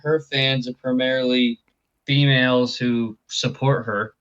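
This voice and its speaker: Man, co-host, casual sports banter, relaxed, chatty, bright tone. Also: mid-range voice, a little slow, clean tone, lo-fi sound. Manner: relaxed, chatty, says "you know". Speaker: podcast co-host.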